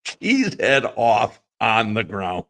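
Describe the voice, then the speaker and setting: A man's voice: on the low side, very animated, takes it slowly, fairly bright tone. A man co-hosting a sports talk show, telling rambling stories and laughing through them. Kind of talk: casual storytelling chat.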